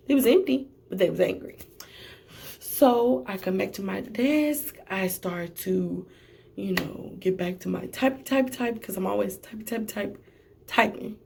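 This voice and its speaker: A young woman who works at a testing center tells a storytime vlog in an animated, sassy way, tossing in slangy asides. Her mid-range voice is gravelly and measured in pace.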